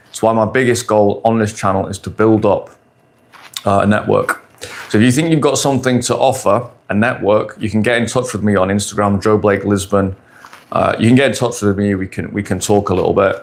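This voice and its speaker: Forties male streamer, lowish voice, blunt and crude, casual Q&A delivery. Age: 40s. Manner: blunt, crude, confident, repeats points. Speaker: dating coach streamer. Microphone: phone or camera on a stand.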